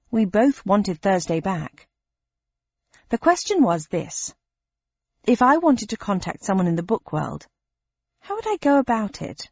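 Expressive woman audiobook narrator, lively pitch, dry booth sound. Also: dry recording, muffled recording. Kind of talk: scripted first-person narration.

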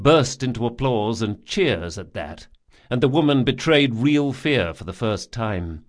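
A man narrating a fantasy audiobook in a measured, grave storytelling manner. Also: mid-range voice, lively intonation.

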